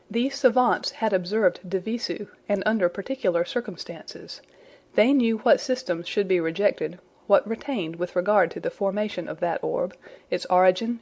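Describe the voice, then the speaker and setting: A woman reading a classic adventure novel aloud in a measured, even storytelling manner. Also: medium pitch. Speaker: audiobook reader.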